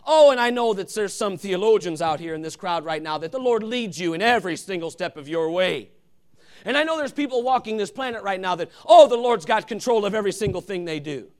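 Male pastor, passionate sermon delivery, high voice with wide swings, shifting between loud calls and quiet asides.

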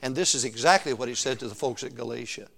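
A middle-aged man preaches a sermon full of stories, laughing often and animatedly calling on the congregation for answers. He talks fast in a gravelly, mid-range voice.

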